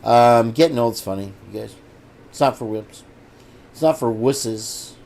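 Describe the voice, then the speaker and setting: A man's voice: mid-range voice, measured pace, creaky, a little mellow, slight background noise. A man hosting a live stream, chatting casually with his viewers and thinking aloud as he rambles. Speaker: livestream host.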